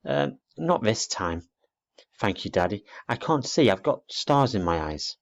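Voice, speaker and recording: A man's voice: lowish voice, sing-song, measured pace, creaky, full character voice. A man voicing an anxious, eager young boy barn owl in a storybook reading, dull lo-fi recording. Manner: eager, chattery, a little boastful.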